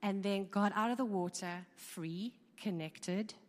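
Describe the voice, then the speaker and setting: Speaking slowly at medium pitch, a woman delivers a relaxed, conversational talk before a live audience, peppered with ums and repeated words, in a large hall with long reverb.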